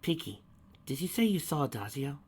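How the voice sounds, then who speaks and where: A man's voice: fairly high pitch, sing-song, brisk, breathy edge, pitched above the performer's own voice. A man voicing an earnest, somewhat impatient teenage girl who asks questions with mild exasperation. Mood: questioning.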